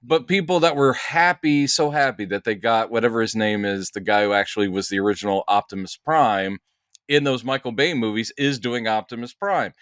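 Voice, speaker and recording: Speaking fairly quickly, this male podcast co-host has a mid-range, slightly bright, smooth voice. There's no room sound, just clean studio audio. His talk is casual and rambling, with plenty of fillers and false starts.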